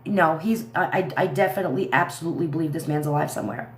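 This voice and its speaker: A woman's voice: low-pitched, fast talker, echoey room, slight background noise. Indignant woman ranting on a livestream. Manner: indignant, rambling, addresses viewers as y'all. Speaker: livestream commentary host. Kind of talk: casual livestream commentary.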